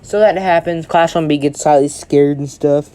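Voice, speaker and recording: A man's voice: fairly high pitch, fairly even intonation, normal speed, warm tone, clean tone. A man narrating an improvised fan story in a rambling way, swearing and tagging lines with "right?". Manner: rambling, swears a lot, keeps saying "right?".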